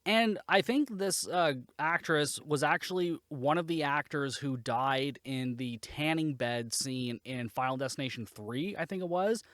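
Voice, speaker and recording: A man's voice: a little high, unhurried, hardly any pauses, fairly bright tone, no echo, studio quality. Sarcastic, swearing male podcast host. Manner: sarcastic, profane, rambling. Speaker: podcast host, movie reviewer. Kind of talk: casual spoken review.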